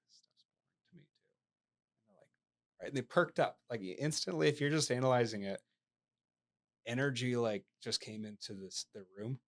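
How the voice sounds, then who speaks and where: A man in a podcast interview, a sales professional telling a story in an animated way and often tagging his sentences with "right?". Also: lowish voice, vocal fry. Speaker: guest, sales professional and real estate agent.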